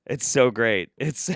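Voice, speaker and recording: A man's voice: on the low side, fairly bright tone, a little hiss or hum. A man hosting a casual commentary show, sarcastic and rambling, swearing often. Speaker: host.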